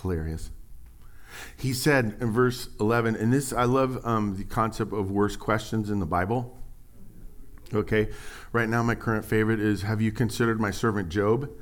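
A middle-aged man preaching a sermon, animated and joking, acting out voices as he tells stories. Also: fairly low pitch, moderate pace. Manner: animated storytelling, acts out voices, jokes and sarcasm. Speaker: pastor.

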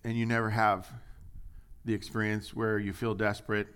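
A middle-aged male pastor preaching a conversational sermon, dropping to hushed asides and rising to loud, emphatic readings. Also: fairly low pitch, little pitch movement, normal speed, clear, resonant tone.

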